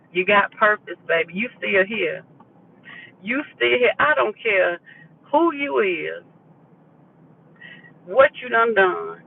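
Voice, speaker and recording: A woman delivers a live motivational sermon while riding in a vehicle. She speaks low, with a gravelly voice, repeats her lines and calls her listeners baby. The sound is thin and phone-like, picked up from a distance, with faint road noise underneath. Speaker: inspirational speaker.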